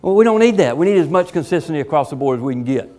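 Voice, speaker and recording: A man's voice: a little high, lively intonation, rapid-fire, darkish tone. A man giving a motivational talk to teachers, emphatic and folksy, acting out the people he quotes. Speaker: education speaker.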